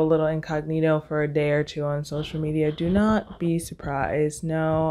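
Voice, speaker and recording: Here the podcast host is a young female college student whose voice is deep and a little dark. Speaking by herself, she addresses her audience in a sarcastic, conversational manner.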